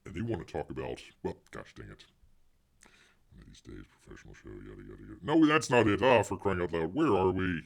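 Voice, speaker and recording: A man's voice: a bass voice, wildly swooping pitch, brisk, creaky, slightly rough. A man hosting a casual livestream, rambling to viewers, reading the chat aloud and calling himself Bear in the third person. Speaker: livestream host.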